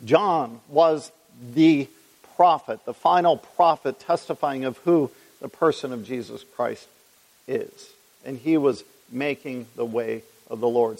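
Teaching through scripture verse by verse before a live audience, a male preacher speaks in a mid-range, darkish voice with a gravelly edge. His expository Bible teaching is conversational: he reads the verses aloud and asks the congregation questions. A long reverb tail follows his voice, as if in a large hall.

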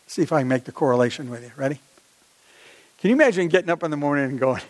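Animated man preaching a sermon. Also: fast talker. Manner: animated, rising to emphatic peaks and dropping low. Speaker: pastor.

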